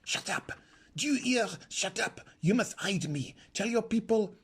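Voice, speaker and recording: A man's voice: on the high side, expressive, measured pace, mellow, slightly rough, voice pushed up. A man voicing a proud young noble girl on the run, speaking in a hissed, urgent whisper. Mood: furious hushed.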